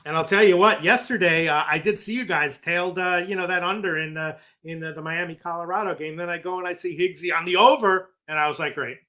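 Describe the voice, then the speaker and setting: A man's voice: high-pitched, fast, hardly any pauses, bright, forceful tone. A man co-hosting a sports betting show, talking hesitantly with many fillers and casual swearing.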